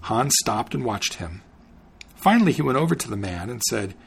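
Male podcast host narrating folk tales; gravelly, husky voice with plenty of pitch movement. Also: animated, brisk. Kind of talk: storybook narration.

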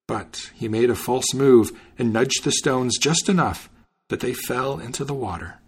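Male podcast host narrating folk tales; gravelly, husky voice with plenty of pitch movement. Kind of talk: storybook narration.

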